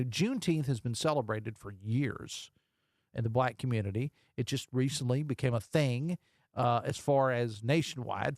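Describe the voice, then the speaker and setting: A man's voice: medium pitch, no echo. A man hosting a casual call-in radio show from a studio, joking and reading listener texts aloud. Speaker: radio talk show host. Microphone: studio microphone.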